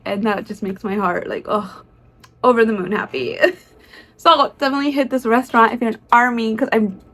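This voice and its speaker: Woman vlogger, slightly high voice, excitable and chatty, casual narration full of fillers. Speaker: concert vlogger.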